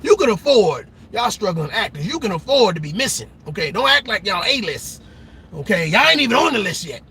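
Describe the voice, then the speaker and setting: A man doing a loud, profane comedic rant, laughing often and slipping into mock voices. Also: high voice, big pitch swings, brisk, husky. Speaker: comedic commentator.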